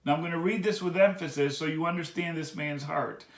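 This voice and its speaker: Male pastor with a somewhat high voice, earnest and exhorting, recorded in an echoey room. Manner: earnest, repetitive exhortation, slowing on key words. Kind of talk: sermon reflection.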